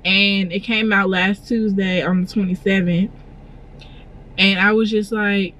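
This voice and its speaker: A woman's voice: medium pitch, fairly even intonation, a little slow, a bit bright, a little hiss or hum, poor audio. Young woman, casual vlogger, talkative and filler-heavy, recorded in a car. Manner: chatty, filler-heavy, emotional and gushing. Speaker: vlogger and clothing designer. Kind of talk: casual vlog chat. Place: inside a parked car.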